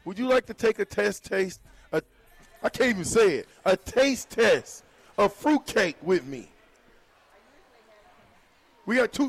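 A man hosting live on-location radio, bantering playfully and teasing the people around him. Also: sits high. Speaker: radio host.

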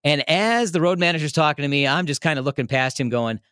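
A man telling a story in a casual, animated way, laughing often and restarting his sentences. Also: fairly high pitch, quick pace, clean tone, dry recording, clean studio sound. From Milwaukee area, United States. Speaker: radio host telling a story as a podcast guest.

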